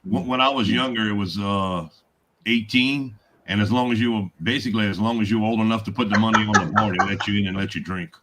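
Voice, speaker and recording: A man's voice: fairly low pitch, fairly even intonation, fast, heavy background noise. A man chatting casually on a video call, telling drinking stories with easy chuckles. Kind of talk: casual chat.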